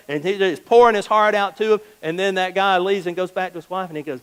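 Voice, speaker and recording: A man's voice: sits high, fast, few pauses, a bit bright, clean tone, low-quality recording. A male pastor giving a sermon in a conversational way, acting out little everyday exchanges as he goes. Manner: conversational preaching, acts out little quoted exchanges. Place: church.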